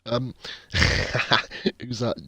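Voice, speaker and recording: A man's voice: medium pitch, little pitch movement, extremely slow, no echo. A man streaming a racing game, chatting with viewers in profane, jokey banter. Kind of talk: casual live-stream commentary.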